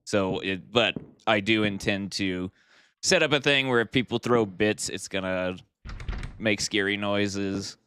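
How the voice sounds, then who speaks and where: A man's voice: fairly low pitch, a little slow, a bit bright, slight background noise. A man chatting casually with his viewers during a live game stream, thanking them and thinking aloud as he plays. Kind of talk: casual live-stream chat while gaming. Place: home streaming setup.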